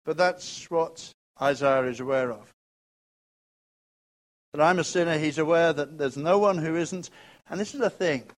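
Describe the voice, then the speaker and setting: A man with a notably high voice delivers a sermon. His preaching is expressive and emphatic, leaning on rhetorical questions. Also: a little slow, long pauses.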